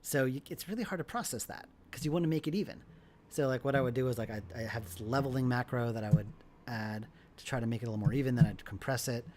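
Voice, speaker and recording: A man chats casually and freely on a livestream as he edits audio. He pokes fun at himself and laughs a lot. His voice sits at an ordinary middle pitch. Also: fast talker, a little mellow, slight background noise. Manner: chatty, self-mocking, laughs often. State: hiccuping. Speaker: game developer streaming his editing.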